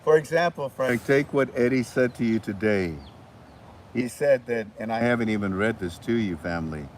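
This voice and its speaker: A man's voice: medium pitch, moderate pace, slight background noise. A man hosting his channel, rambling casually with many restarts, recorded outdoors. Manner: rambling, restarts, chats to chickens. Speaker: channel host. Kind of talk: casual monologue to viewers. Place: outdoors with chickens.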